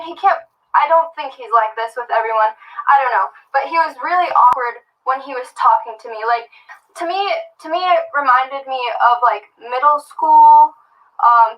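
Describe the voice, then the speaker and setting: A young woman telling a personal story to camera, hesitant and full of fillers. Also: high voice. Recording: dull, distant clip played back.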